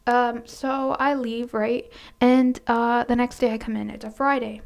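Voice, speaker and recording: A soft-spoken woman tells a casual storytime in a fairly high but gravelly voice. Her delivery is flat and level, with hesitant restarts, and she often drops into near-whispers. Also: unhurried. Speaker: storytime vlogger.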